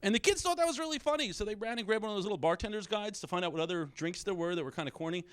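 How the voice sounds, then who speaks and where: A middle-aged man doing a stand-up comedy set, self-deprecating, with quick punchlines and short bits where he acts out his kids. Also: high voice, expressive, a bit bright, clean tone, dry recording. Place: small comedy stage with a live audience.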